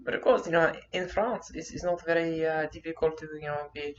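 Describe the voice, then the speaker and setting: Rambling, halting man vlogging. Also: fairly high pitch, steady tone, muffled recording. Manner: rambling and halting, many fillers and restarts. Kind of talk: casual storytelling to camera.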